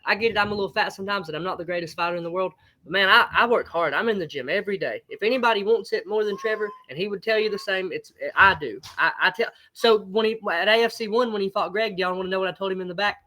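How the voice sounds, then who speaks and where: A man's voice: high voice, fast talker, hardly any pauses, pushed and bright. A man, a fight promoter talking in a casual interview, blunt and emphatic, swearing freely. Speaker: fight promotion owner, guest.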